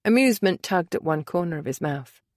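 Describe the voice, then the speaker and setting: A woman narrating a romance audiobook in a measured, expressive reading. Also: lowish voice, no echo, studio quality.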